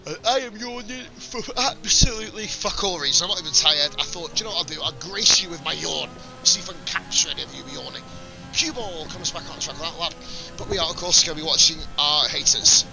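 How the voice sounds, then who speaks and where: Male streamer commentating a sim race, slightly high voice, loose and sweary, music playing underneath. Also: fast, creaky. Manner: casual, sweary, rambling banter with chat. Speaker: sim racing league commentator and stream host. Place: home streaming setup.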